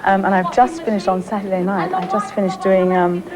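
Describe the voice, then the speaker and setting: A woman's voice: mid-range voice, steady tone, fairly quick, crowd noise, poor audio. A woman who is a stage actress, chatting as a guest on a talk show, effusive and theatrical.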